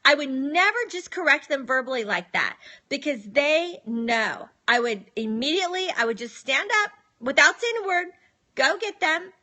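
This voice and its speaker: A woman's voice: high-pitched, lively intonation, moderate pace, bright, forceful tone. A middle-aged woman talking casually on a live stream, giving firm, matter-of-fact parenting advice and acting out what she says to her children.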